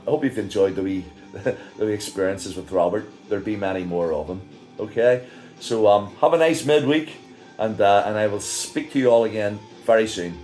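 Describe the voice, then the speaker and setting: A middle-aged man with an Irish accent talks straight to his viewers, telling a story in a loose, rambling way and breaking into laughs as he goes. His voice sits on the low side. A soft guitar plays quietly behind him. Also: low-quality recording. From Ireland. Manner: chatty and rambling, laughing often. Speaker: singer and vlogger. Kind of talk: casual storytelling monologue.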